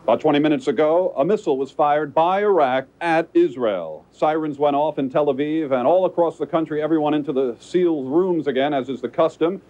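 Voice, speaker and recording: Mellow-voiced male reporter on a dull line. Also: a little high, fairly quick, few pauses. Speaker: correspondent in the field. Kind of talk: live news report.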